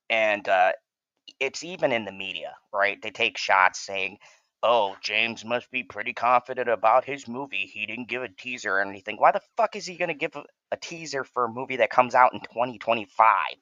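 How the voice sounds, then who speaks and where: Low-voiced guy ranting on his fan channel, swears a lot, dull muffled mic. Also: a bit bright, dry recording. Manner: profane, heated ranting. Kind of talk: reaction commentary rant.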